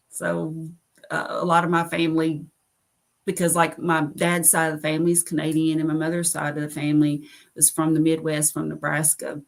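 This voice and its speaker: Low gravelly Southern woman chatting. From United States. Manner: rambling, many fillers, laughs at herself. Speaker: live stream host. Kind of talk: casual chat on a live stream.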